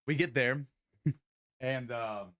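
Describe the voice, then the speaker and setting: A man streaming live, telling a rambling, slang-filled story in a casual, animated way. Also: mid-range voice, very slow, soft background music.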